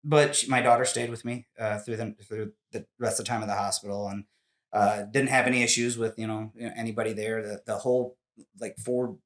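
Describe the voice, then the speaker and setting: A man's voice: lowish voice, steady tone, a little fast. A man in his forties, a podcast guest, telling a personal story in casual interview talk, candid and emotional, with many restarts.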